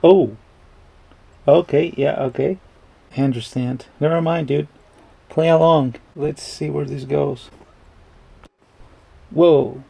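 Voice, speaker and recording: A man's voice: on the high side, fairly even intonation, slow, creaky, pauses often, mellow, breathy edge, poor audio. A man giving rambling, casual commentary while reacting to a movie, chuckling and swearing freely.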